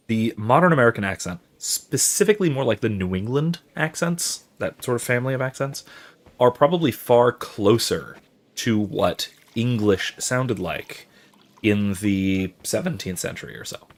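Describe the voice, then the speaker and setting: A man's voice: medium pitch, lively intonation, moderate pace. A man hosting a gaming channel, giving casual, professorial explanations while he plays, rambling with many fillers and restarts and reacting to viewer chat.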